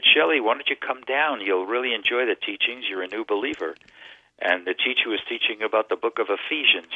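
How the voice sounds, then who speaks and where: A man calling in over a thin, tinny phone line tells his testimony as an earnest storyteller. His voice sits on the low side. The sound is dry and close. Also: no room sound. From Connecticut. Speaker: radio guest. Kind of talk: telling a personal testimony.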